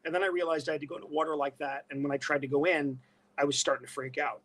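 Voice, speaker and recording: A man's voice: on the high side, flat delivery, rapid-fire, a bit bright. A man talking as a guest on a casual podcast, telling stories in an emphatic, self-mocking way.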